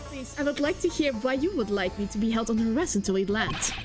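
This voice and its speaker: A woman voicing a composed male prosecutor, speaking in a calm, measured and formal way. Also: on the high side, soft background music, lightly acted. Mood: polite.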